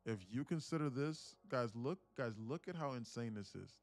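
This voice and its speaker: A man's voice: medium pitch, normal speed, faint music behind. A man hosting a live day-trading stream, chatting casually, laughing often and repeating words as he thinks. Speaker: day-trading livestream host.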